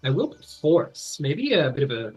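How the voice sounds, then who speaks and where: A man's voice: fairly high pitch, wildly swooping pitch, moderate pace, slightly rough, faint music behind, low-quality recording. A man narrating as game master, rambling with many fillers and restarts.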